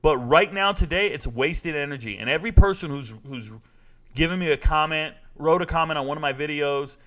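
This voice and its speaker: A man's voice: on the high side, a little fast, pushed and bright. A man in his forties hosting a casual live sports talk show, reading viewer comments and telling stories in a blunt, joking, slangy manner.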